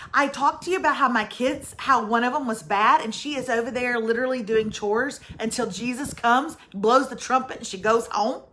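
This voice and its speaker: A woman's voice: a little high, pushed and bright, slight background noise. A woman hosting a casual livestream, chatty and teasing, calling out to viewers by name. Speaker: livestream host. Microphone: mic in front of her.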